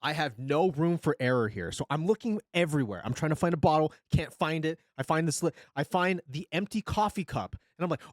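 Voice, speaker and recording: A young male streamer tells a comic story into a close mic. His pitch leaps up and down with dramatic emphasis, and he swears freely. The sound is dry and close. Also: lively intonation, a little fast, few pauses, dry recording.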